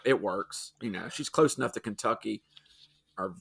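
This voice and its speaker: Gravelly-voiced man chatting about movies. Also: lowish voice, normal speed. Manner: self-deprecating nitpicker, apologetic asides. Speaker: podcast co-host. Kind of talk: casual movie chat.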